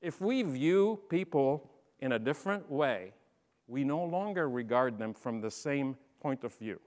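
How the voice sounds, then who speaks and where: A middle-aged man giving a motivational leadership talk, telling stories and swinging from quiet asides to loud, emphatic bursts. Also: mid-range voice, lively intonation, a little slow. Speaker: speaker. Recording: long hall reverb.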